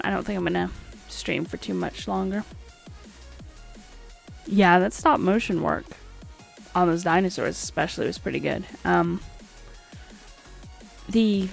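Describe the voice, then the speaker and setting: A woman's voice: fairly low pitch, vocal fry. A woman hosting a livestream, chatting casually and wryly with her viewers about an old film. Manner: chatty, wry, talks back to chat. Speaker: livestream host. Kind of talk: casual chat while watching a film.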